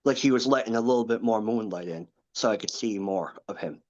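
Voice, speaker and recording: A man in his thirties, a podcast guest, recounting a personal story in an earnest, halting way with many asides. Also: fairly low pitch, highs cut off. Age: 30s.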